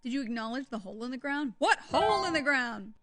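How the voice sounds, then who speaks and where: A woman's voice: high voice, lively intonation, fast, over music. A woman streaming a game in casual, chatty commentary, easily startled into gasps and squeals.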